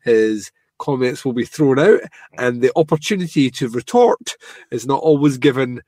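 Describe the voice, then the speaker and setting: A man co-hosting a podcast, dropping wry jokes about a TV episode and laughing often. His pitch swings up and down a lot. The recording is close and dry. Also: expressive, normal speed, mellow, no echo. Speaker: podcast co-host. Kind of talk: casual chat recapping a TV episode.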